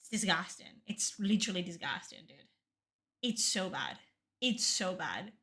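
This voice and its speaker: Young woman game streamer: sharp, bright tone, blunt and emphatic, swears freely. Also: lowish voice, lively intonation, moderate pace. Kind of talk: livestream game reaction.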